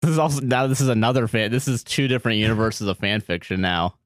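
A man co-hosting a comedy podcast, sarcastic and quick to laugh, swearing in casual banter. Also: mid-range voice, no echo. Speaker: podcast co-host. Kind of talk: casual comic chat.

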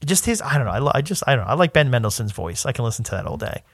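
A young man co-hosting a podcast, rambling and animated in casual chat. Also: mid-range voice, racing, no room sound, studio quality. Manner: animated, rambling, laughs often. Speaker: podcast co-host.

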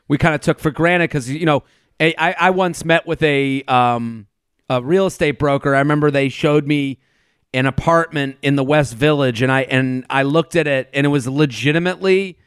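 A man co-hosts a podcast with an animated, rambling delivery, tripping over his own restarts as he tells stories. His voice runs a little high and sounds smooth and clear, recorded close and dry. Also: normal speed, no echo. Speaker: podcast co-host. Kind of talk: casual chat. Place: remote recording over a video call.

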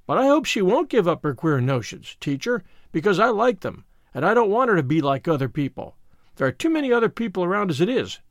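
A man's voice: sits high, very animated, fairly quick, dry recording. A man voicing an earnest, proud young schoolboy who talks eagerly.

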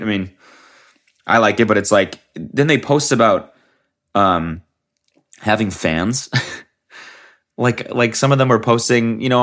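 A man's voice: on the low side, fairly bright tone. A young man hosting a solo podcast, rambling casually with lots of swearing and restarts while sick. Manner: rambling, profane, trailing off and restarting. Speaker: podcast host.

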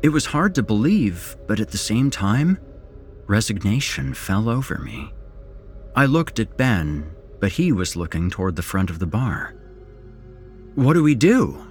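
A man narrating a horror story in a measured, dramatic storytelling manner, as host of a podcast. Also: on the low side, sing-song, soft background music.

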